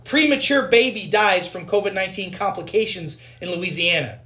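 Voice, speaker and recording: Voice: mid-range voice, lively intonation, normal speed, sharp tone, slight background noise. A physician giving a heated, blunt and profane rant to viewers, repeating points for emphasis.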